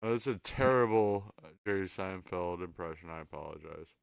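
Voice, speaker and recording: A man's voice: low-pitched, normal speed, gravelly, smooth, dry recording, clean studio sound. A tired man hosting a casual late-night podcast chat, rambling, swearing and stammering as he apologizes. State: exhausted, sleepy. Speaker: podcast host.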